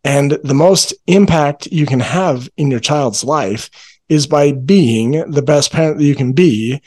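A man with a voice of ordinary middle pitch, talking as a parenting coach in a relaxed podcast chat. He explains ideas earnestly and slows down to stress his key points.

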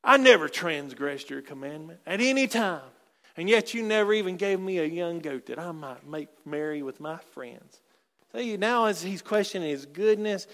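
A man preaching a sermon in a church, animated and conversational, with frequent asides and rhetorical questions. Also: high voice, normal speed. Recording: long reverb of a large hall.

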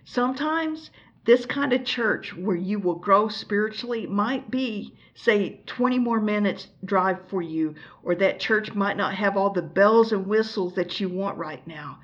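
An American woman preaches an earnest, exhorting teaching sermon, putting pointed questions to the listener. Her voice sits in the mid range, and the recording is lo-fi.

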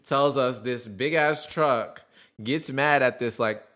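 Casting: male podcast co-host, mid-pitched, loose and profane, easygoing chat. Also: takes it slowly, fairly bright tone. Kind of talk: casual chat.

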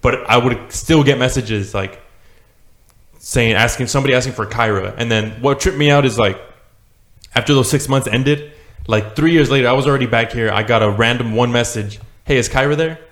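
A man's voice: medium pitch, a bit bright. A man in casual chat who talks in slang, saying "dude" and "bro" a lot. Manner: fast talker, says "dude" and "bro".

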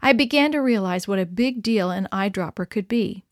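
A woman reading a children's story aloud, bringing the dialogue to life with lively, expressive delivery. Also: mid-range voice, moderate pace, no room sound, studio quality. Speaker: narrator. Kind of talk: scripted children's story narration.

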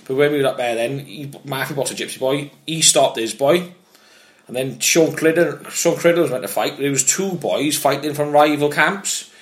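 A man and former amateur boxer, telling animated, swear-filled anecdotes in casual chat. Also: fairly high pitch, moderate pace.

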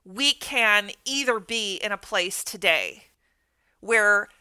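A woman's voice: mid-range voice, slow, bright, forceful tone, smooth, no echo. A woman hosting a faith podcast, a counselor who speaks in a reflective, affirming way.

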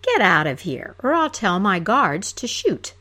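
A bored old king scolds a noisy guest in a peevish voice, as a woman reader puts him on. The lines lurch up and down in pitch and are delivered without hurry. It is a storybook poem told aloud. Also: very animated, unhurried, sharp tone, breathy edge, heavily acted. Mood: irritable.

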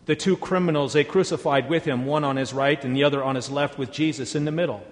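Man reading scripture in a reverberant hall. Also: on the high side. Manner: measured, deliberate reading. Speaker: scripture reader.

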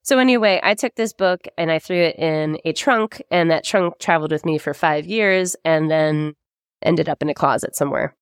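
A woman's voice: low voice, moderate pace, clean tone, no echo, studio quality. A woman co-hosting a podcast, telling a story in a casual chat, laughing often and swearing freely. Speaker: podcast co-host.

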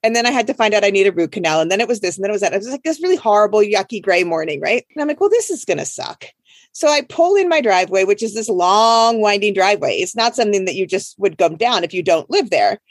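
A woman in her thirties hosting a casual chat, telling a story with lively voices for the people in it. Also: fast talker, few pauses, no echo, clean studio sound. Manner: animated, acts out quotes in high voices. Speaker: podcast host.

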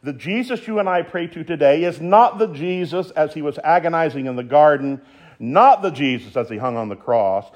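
A man's voice: fairly high pitch, moderate pace. A male preacher delivering a sermon in an emphatic way, building up to strong exclamations. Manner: animated, emphatic, rises to exclamations.

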